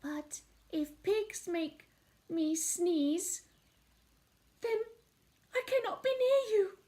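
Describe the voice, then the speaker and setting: A sneezy young elephant frets and stammers in a tearful whine, as a woman reading aloud puts him on. The voice sits very high and squeaky, like a storybook character. He drags his words out slowly and anxiously. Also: animated, mellow, exaggerated voice. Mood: distressed.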